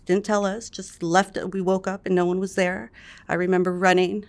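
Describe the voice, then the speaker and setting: A woman recounting her childhood in an interview, soft-spoken and halting, often restarting her sentences. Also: medium pitch, level tone. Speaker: interview guest.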